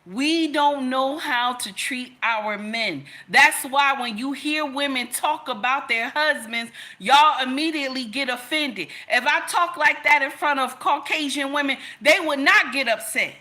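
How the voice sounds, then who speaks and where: A woman's voice: sits high, measured pace, few pauses, bright, forceful tone. A woman speaking straight to her audience in an impassioned rant, scolding and repeating herself for emphasis. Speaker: commentator. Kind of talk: impassioned direct-to-camera rant.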